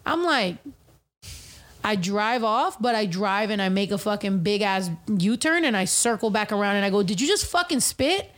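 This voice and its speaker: A young woman telling a story in casual, animated chat, full of swearing. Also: medium pitch, moderate pace. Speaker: podcast host and rapper.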